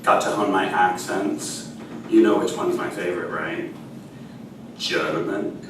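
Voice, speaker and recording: A man telling a funny personal story on stage, in an animated, self-mocking way, with sung bits. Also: deep voice, takes it slowly, recorded from a distance, noisy background. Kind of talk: live stage storytelling with songs. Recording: echoey stage audio from afar with music.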